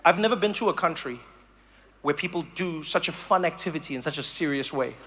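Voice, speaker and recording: A man from Africa, doing a stand-up comedy set with animated storytelling that slips into mock voices. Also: on the high side, brisk. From South Africa.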